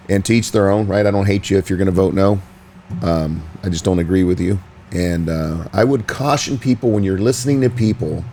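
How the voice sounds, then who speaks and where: A man's voice: sits low, dark tone, a little hiss or hum. A man co-hosting a podcast, speaking bluntly and with frustration, with many hesitant ums. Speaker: podcast co-host. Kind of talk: casual opinionated chat.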